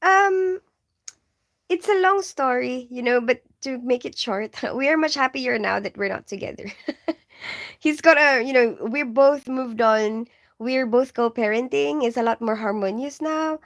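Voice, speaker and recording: A woman's voice: fairly high pitch, normal speed. Giggly chatty woman, mixed Filipino-English accent. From Philippines. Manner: chatty, giggly, full of "like" and "you know". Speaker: nurse and livestream host. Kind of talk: casual livestream chat reading viewer questions.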